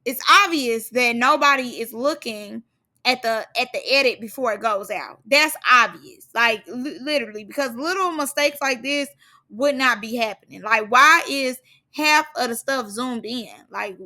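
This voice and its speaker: A woman with a high voice chats through a reality show recap in loose, slangy gossip. Her tone is bright and cutting, and she talks in an animated way, laughing often as she goes. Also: moderate pace. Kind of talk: casual gossip commentary.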